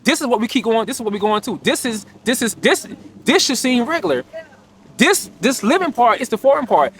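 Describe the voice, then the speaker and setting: A man's voice: extremely high pitch, sing-song, a little fast, fairly bright tone, a little hiss or hum. A young man earnestly telling a personal story, reflective, restarting often, sometimes rising sharply as he relives his disbelief. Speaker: podcaster sharing personal story.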